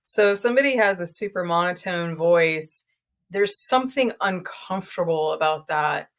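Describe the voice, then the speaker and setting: A woman co-hosting a casual advice chat, speaking in a conversational, expressive way. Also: fairly low pitch, moderate pace. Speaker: podcast co-host.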